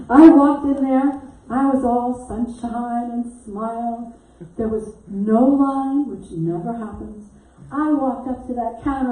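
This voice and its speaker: Middle-aged woman minister, mellow storytelling sermon voice, roomy distant church sound. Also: on the high side, unhurried. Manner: animated storyteller who acts out quotes and laughs often. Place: church sanctuary. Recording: echoey hall mic from a distance.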